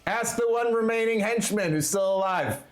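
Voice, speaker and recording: A man playing in a tabletop game, joking and quick to laugh. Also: sits high, slight background noise. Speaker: player. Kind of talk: casual tabletop play.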